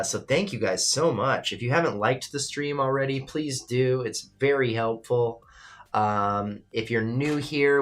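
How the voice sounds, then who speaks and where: A man's voice: medium pitch, fairly bright tone. A man hosting a casual late-night live stream, rambling as he reads chat comments aloud and talks to viewers, calling them bro and brother.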